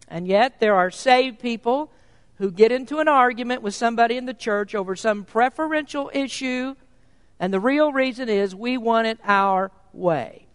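An emphatic preacher at mid pitch, pressing points home with rhetorical questions. The voice rings out with a long reverb, as if recorded in a large hall. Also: a bit bright. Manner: reads scripture in old-fashioned wording. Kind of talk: sermon.

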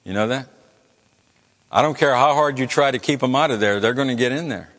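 A man's voice: medium pitch, fairly quick, a bit bright, long reverb tail. A man preaching a sermon in church, earnest, often repeating words as he builds each point.

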